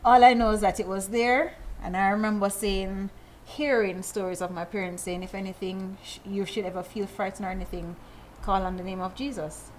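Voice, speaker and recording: A middle-aged woman, telling a personal story in a casual group chat, animated and prone to repeating phrases. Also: mid-range voice, brisk, a little hiss or hum, low-quality recording.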